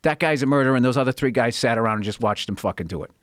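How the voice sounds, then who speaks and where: A man who is a guest comedian, ranting in casual podcast chat, animated and profane, and slipping into mocking voices. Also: medium pitch, racing, dry recording, studio quality.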